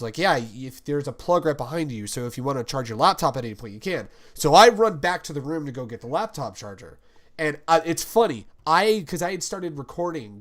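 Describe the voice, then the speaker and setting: Rambling, joking male podcast host. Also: medium pitch. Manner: rambling, laughing storyteller with crude jokes. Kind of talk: casual podcast chat.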